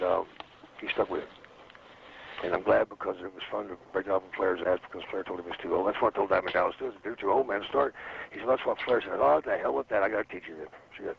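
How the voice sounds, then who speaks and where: A man's voice: fairly low pitch, fast talker, gravelly. A man telling rambling, profane anecdotes as an interview guest, slipping into quoted voices. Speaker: interview guest, former wrestler. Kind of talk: storytelling in a casual interview. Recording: slightly muffled with faint noise.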